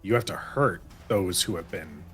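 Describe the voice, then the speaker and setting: A man's voice: low voice, normal speed, fairly bright tone, slightly rough, soft background music. A man acting as game master, explaining the rules and thinking aloud as he rules on a spell. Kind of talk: running a tabletop game.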